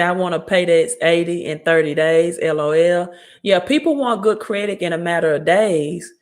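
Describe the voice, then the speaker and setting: Blunt Southern woman hosting a livestream. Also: on the low side. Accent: Southern US, Mississippi. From Mississippi. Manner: blunt, scolding, talks straight to viewers. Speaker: credit repair livestream host. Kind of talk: casual livestream talk reading viewer comments.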